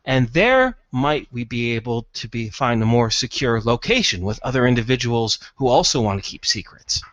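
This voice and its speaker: An excitable hacker tumbles over his own words, stammering as each idea outruns the last, voiced by a man. His pitch leaps up and down with eager energy. The sound is dry and close. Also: normal speed, dry recording. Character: excitable male hacker, rambling and nervous.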